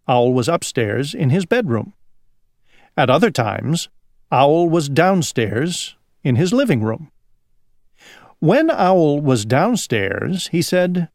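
Woman, Chinese first language, picture book read-aloud, slow pace, lively pitch, dry sound. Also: no room sound. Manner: slow, expressive storytelling. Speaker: parent reading to children.

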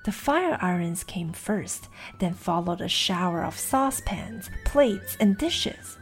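A woman narrating a classic children's story with a lively, expressive reading. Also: fairly low pitch, slow pace. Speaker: reader of English literature. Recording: soft background music.

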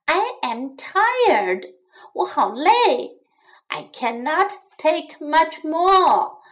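Woman doing a tired storybook mouse: high, lively pitch, pleading. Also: very slow, exaggerated voice. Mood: weary. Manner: pleading, growing exasperated. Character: small sleepy mouse, fed up with noise.

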